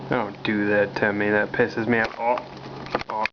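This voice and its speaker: A man filming his cat at home, talking to it in a playful, teasing, mock-dramatic way with drawn-out exclamations. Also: lowish voice. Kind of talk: casual teasing narration to a pet. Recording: dull, noisy home camcorder audio.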